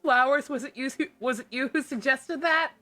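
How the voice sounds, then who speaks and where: A young woman live-streaming a game, chatting casually, excitable and emotional, with lots of laughing and swearing. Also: high-pitched, moderate pace, soft background music.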